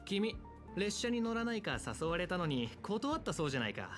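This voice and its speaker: A male voice actor playing a young researcher who teases a new colleague, with a brisk, lightly mocking delivery in a game. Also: high-pitched, big pitch swings, soft background music. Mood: teasing. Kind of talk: Japanese game voice acting.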